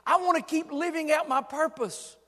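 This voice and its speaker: An older man preaching a sermon with passion, swinging from hushed words to shouts. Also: extremely high pitch, moderate pace, long reverb tail.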